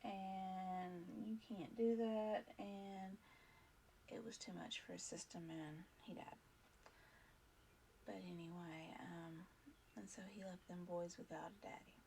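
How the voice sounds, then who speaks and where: Gravelly-voiced woman telling a personal story. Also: fairly low pitch, steady tone, slow, mellow, slight background noise. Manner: earnest, rambling, many fillers and restarts. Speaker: vlog host.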